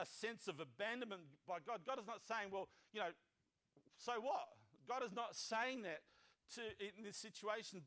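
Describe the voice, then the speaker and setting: A man's voice: high voice, a bit bright. A man preaching a sermon as pastor, reading scripture and breaking into conversational, joking asides and acted-out voices.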